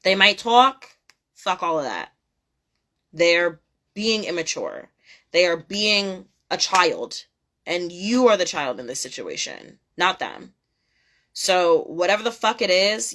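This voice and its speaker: A woman's voice: on the low side, fairly bright tone. A young woman giving a casual tarot reading, blunt and profane, repeating her points emphatically. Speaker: tarot reader.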